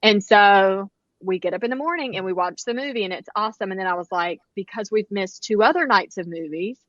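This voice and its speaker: A woman, co-hosting a casual chat and telling animated stories with lots of quoted dialogue. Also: medium pitch, fairly quick, dry recording, muffled recording. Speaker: podcast co-host.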